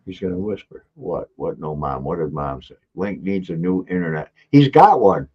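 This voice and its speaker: An older man hosting a casual livestream, teasing and reading out viewer comments with lively energy. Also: deep voice, moderate pace, husky. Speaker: livestream host. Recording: dull lo-fi audio.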